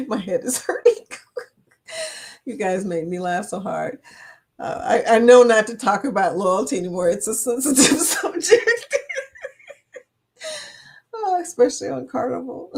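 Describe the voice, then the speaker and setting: A woman's voice: mid-range voice, sing-song, a little slow, vocal fry, long pauses. A woman hosting a casual livestream, chatting with her viewers and laughing often. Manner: chatty, laughs often, talks to chat as y'all. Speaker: livestream host.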